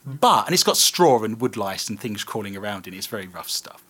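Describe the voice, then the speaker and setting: A man's voice: lowish voice, a little fast, slightly rough. A British man hosting a casual radio chat, telling stories with self-mocking humour. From Britain. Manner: animated, self-mocking storyteller. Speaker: podcast host.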